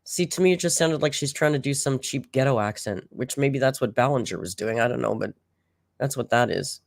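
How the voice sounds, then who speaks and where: An exasperated, sarcastic reaction commentator talking casually over old footage. The voice sits in a middle pitch, and the delivery is loose and conversational. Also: a little fast, vocal fry, dry recording, clean studio sound. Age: older than the clip's audience.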